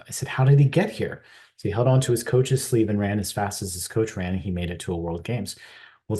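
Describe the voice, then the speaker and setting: Middle-aged American man, deep-voiced keynote speaker, animated earnest storyteller. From United States. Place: conference stage.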